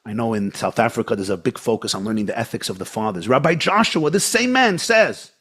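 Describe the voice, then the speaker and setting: A man giving a sermon as a rabbi, impassioned, swinging between soft low lines and high, emphatic ones. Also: lively intonation, brisk, husky.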